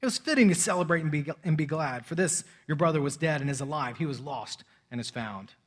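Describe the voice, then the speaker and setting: A man reading as a gentle loving father. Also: fairly high pitch, brisk, natural voice. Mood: tender. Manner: soft, tender, hushed.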